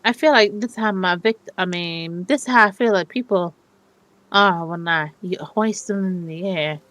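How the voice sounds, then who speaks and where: A woman's voice: fairly low pitch, measured pace, a bit bright, no room sound. A woman player chatting casually and jokingly at a tabletop game.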